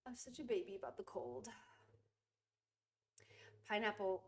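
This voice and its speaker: A woman's voice: lively intonation, unhurried, pauses often. Chatty giggly woman streaming crafts. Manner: chatty, giggly, apologetic, with many fillers; high coaxing voice when soothing her cat. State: stuffy runny nose. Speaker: resin jewelry streamer. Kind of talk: casual live-stream chat.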